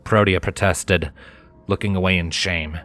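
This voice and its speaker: A man reading fan fiction aloud in a measured, dramatic narration. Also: deep voice, fairly even intonation, fairly bright tone. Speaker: fanfiction reader. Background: faint background music.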